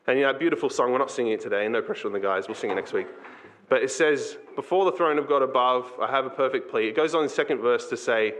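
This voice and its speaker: A man preaching a sermon as pastor, earnest and conversational, slipping into quick acted asides. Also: medium pitch, a bit bright, a little hiss or hum.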